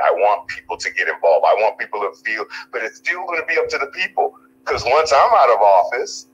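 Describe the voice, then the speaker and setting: A man's voice: mid-range voice, fairly bright tone, a little hiss or hum, rough recording. A man running for office, answering interview questions in an earnest, rambling, emphatic way. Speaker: political candidate.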